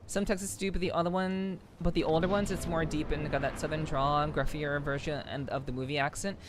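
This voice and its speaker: A woman's voice: sits low, fairly even intonation, brisk, a little hiss or hum. A woman streamer chatting casually with her viewers while playing, laughing often and reacting to chat. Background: game music.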